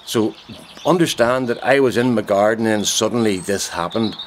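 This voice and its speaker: Deadpan man telling a tale in his garden. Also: lowish voice, normal speed, a little hiss or hum. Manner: deadpan, mock-serious. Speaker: vlogger. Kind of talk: casual comic storytelling to camera. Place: garden outdoors. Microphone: handheld camera.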